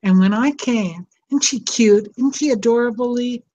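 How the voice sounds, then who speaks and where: With a crowd in the background, an older woman who hosts a show as a psychotherapist talks at a normal speed in a fairly high voice. The chat is casual, heartfelt, tender and rambling, and the lo-fi recording is dull with faint noise.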